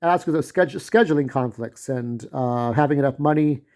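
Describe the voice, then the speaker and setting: A man giving a casual spoken movie review, rambling and irreverent, with lots of filler pauses. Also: medium pitch, a little mellow.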